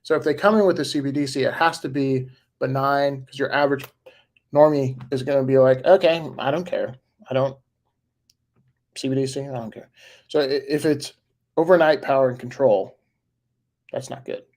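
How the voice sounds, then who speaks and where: A man's voice: medium pitch, creaky, darkish tone. A man in his forties talking casually on a live stream, answering viewer comments in a rambling way with fillers and chuckles. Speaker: livestreamer reading viewer comments.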